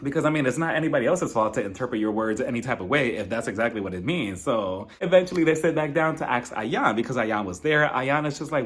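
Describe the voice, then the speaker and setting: A man giving a sassy, mocking, animated casual review of a TV episode. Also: mid-range voice, quick pace, hardly any pauses. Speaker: TV show reviewer. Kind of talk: casual commentary.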